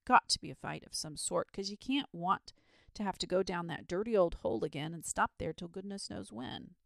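A keen, outspoken young boy in a storybook, quick to push the grown-ups toward action, with a woman doing the voice. The boy's lines are raised and bright above a gravelly reading voice. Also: lowish voice, dry recording, studio quality. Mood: urging. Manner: eager, forthright. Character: eager, bold young boy.

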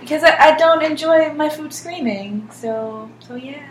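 A young woman co-hosting a comedy podcast, chatting casually with dry, teasing remarks. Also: high voice. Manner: dry, teasing, quick to laugh. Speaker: podcast co-host. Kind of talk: casual chat. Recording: echoey room with faint noise.

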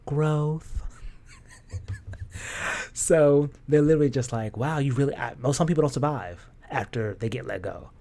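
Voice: mid-range voice, moderate pace, mellow. A young adult fashion stylist telling a personal story in a casual, emotional way, with slang and lots of fillers.

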